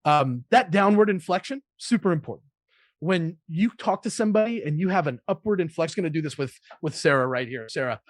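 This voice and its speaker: An energetic man shares sales advice as an interview guest, now and then acting out lines a caller might say. His voice sits a little high for a man. The sound is dry, with no room echo. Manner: energetic, demonstrates call openers.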